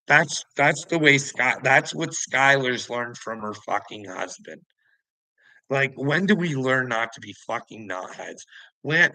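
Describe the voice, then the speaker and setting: Gravelly man ranting with scorn. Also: medium pitch, sharp tone, dry recording, low-quality recording. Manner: angry, scornful, swears constantly. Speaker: online commentator. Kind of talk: profane ranting monologue.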